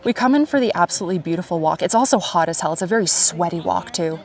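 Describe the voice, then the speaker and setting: A woman livestreaming as she walks a lakeside trail outdoors, chatting to her viewers in a lively, animated way. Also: on the low side, fast, distant mic. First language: Polish. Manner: chatty, animated, talking to chat while hiking. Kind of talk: casual live stream chat.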